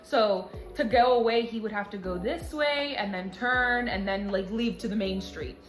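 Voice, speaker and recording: A young woman vlogger retelling a story in an animated, dramatic way. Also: medium pitch, moderate pace. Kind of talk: storytime vlog. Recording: echoey room, music.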